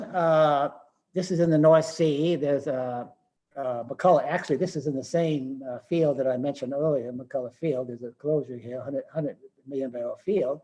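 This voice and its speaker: A man's voice: fairly high pitch, mellow, low-quality recording. An older man giving a technical lecture as a webinar presenter, thinking aloud with frequent restarts and fillers.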